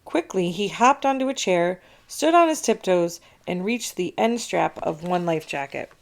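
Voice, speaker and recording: A woman reading a children's chapter book aloud, narrating with expressive storytelling. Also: on the low side, normal speed, vocal fry.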